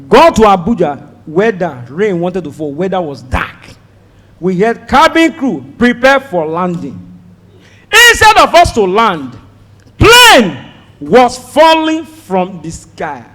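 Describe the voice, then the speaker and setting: A Nigerian man performing stand-up comedy, telling a story in an animated way and slipping into pidgin, with a Nigerian accent. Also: high-pitched, takes it slowly. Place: live comedy show before an audience. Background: audience laughter.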